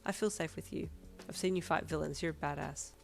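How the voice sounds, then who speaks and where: A woman's voice: low voice, a little fast, vocal fry, soft background music. A woman reading a fan fiction audiobook and voicing an upbeat, affectionate teenage girl who teases eagerly. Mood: playful. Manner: bright, eager, teasing. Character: upbeat playful teen girlfriend, teasing and affectionate.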